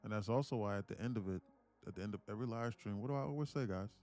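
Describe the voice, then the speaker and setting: Low-voiced man musing to his live chat. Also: rapid-fire, mellow, faint music behind. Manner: reflective, talks straight to his chat. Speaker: live-streaming day trader host. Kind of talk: casual live-stream chat.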